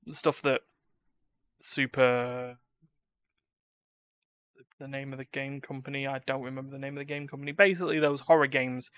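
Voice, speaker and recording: A man's voice: mid-range voice, a bit bright, clean tone, dry recording. A man hosting a casual gaming podcast, talking in a rambling, opinionated way with many restarts. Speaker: podcast host. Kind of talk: casual chat.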